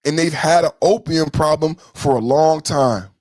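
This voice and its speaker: A man hosts a political livestream, his voice sitting fairly high and recorded dry and close with no room sound. He scolds his chat with profanity and hammers points through repetition. He swings between loud outbursts and low, bitter asides. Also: measured pace, dry recording. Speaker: podcast host.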